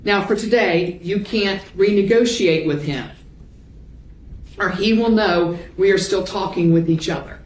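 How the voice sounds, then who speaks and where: A woman prosecutor reading messages and timestamps aloud into the court record in a measured voice. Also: medium pitch, a little hiss or hum. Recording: echoey courtroom audio.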